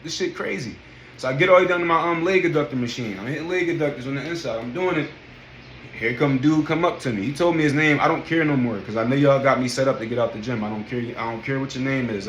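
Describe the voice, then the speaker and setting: Man in his thirties ranting, echoey room. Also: mid-range voice. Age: 30s. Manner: animated, profane, emphatic. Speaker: vlogger. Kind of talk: casual storytelling rant. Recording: echoey room with faint noise.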